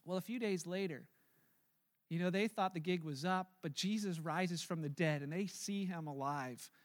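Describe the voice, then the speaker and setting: A male pastor telling a story in his sermon with a high voice. He is lively at the start. He slows to a hushed, heavy pace at the solemn parts. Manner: animated, then slow and hushed.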